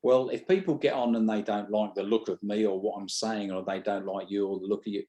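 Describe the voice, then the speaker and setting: A man's voice: lowish voice, steady tone, fairly quick, warm tone. A man with a British accent, a stage hypnotist talking bluntly in an interview and often restarting his sentences. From Britain. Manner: blunt, swears freely, restarts mid-sentence. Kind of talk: casual interview chat.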